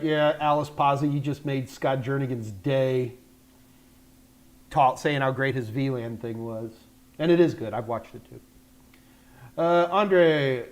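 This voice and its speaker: Chatty older American man, higher voice. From United States. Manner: rambling, chatty, self-deprecating. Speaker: host of a live tech Q&A. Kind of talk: casual livestream chat.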